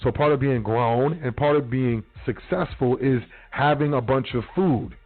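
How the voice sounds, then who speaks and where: A man's voice: medium pitch, normal speed. A man hosting a radio talk show, lecturing his listeners bluntly with street slang and profanity. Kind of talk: casual solo radio talk. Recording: phone-quality radio line with faint music.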